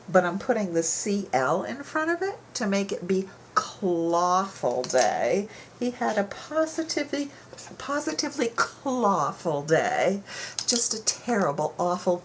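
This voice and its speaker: A woman's voice: fairly low pitch, background noise. A woman author giving a playful writing lesson to children, lingering on her puns and repeating them.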